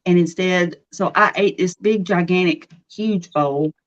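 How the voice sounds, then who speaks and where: A woman's voice: lowish voice, a little slow, highs cut off. A middle-aged woman from Nashville with a Southern drawl, chatting casually and laughing often on a live Q&A. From Nashville, Tennessee. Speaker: co-host of a live Q&A. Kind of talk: casual chat.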